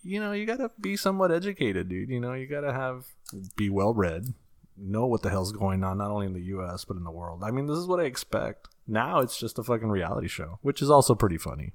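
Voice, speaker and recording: A man's voice: on the low side, expressive, fast. A man co-hosting a casual chat, laid-back, often saying "dude".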